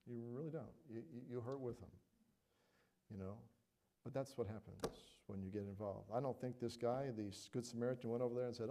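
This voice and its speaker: Middle-aged male pastor, warm low-key tone, earnest sermon full of check-ins. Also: fairly quick. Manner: earnest, conversational, frequent "all right?" and "you know".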